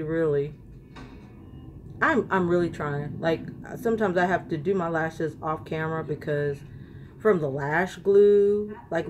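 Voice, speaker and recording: A woman vlogger chats straight to her viewers while she works through a makeup tutorial. Her talk is casual and rambling, with little rants along the way. Her voice sits low, and a faint room hum runs under it. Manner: chatty, ranting, talks to viewers directly. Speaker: beauty vlogger.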